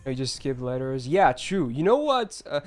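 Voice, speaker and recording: A man's voice: mid-range voice, big pitch swings, moderate pace, soft background music. A man streaming a game live, ranting emphatically and answering his chat.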